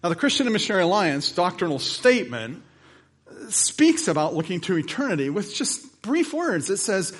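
Male pastor preaching, slightly high-pitched, drops soft then builds to emphatic peaks, casual anecdotes. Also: big pitch swings, a little fast. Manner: dynamic delivery, swinging between soft lows and emphatic highs; conversational storytelling with asides. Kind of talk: sermon.

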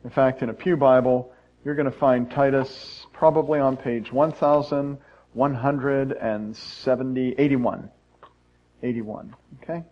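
A man's voice: mid-range voice, steady tone, a little slow, darkish tone. Folksy older man preaching a sermon. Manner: folksy, conversational, self-deprecating humor. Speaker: pastor. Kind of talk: sermon with personal stories. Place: church sanctuary. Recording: dull, muffled sound.

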